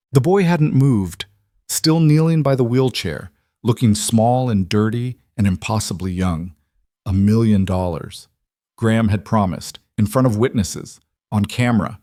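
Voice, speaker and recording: Low-voiced man narrating a story. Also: warm tone, no echo, studio quality.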